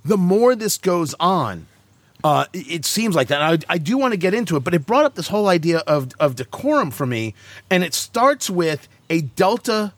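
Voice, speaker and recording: A man's voice: high-pitched, dry recording. A man hosting a talk show, ranting and joking sarcastically in casual banter with co-hosts. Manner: animated, sarcastic, quick asides.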